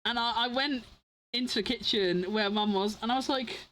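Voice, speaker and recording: A young woman streamer telling stories in casual chat, animated and giggly. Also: on the high side, normal speed, poor audio.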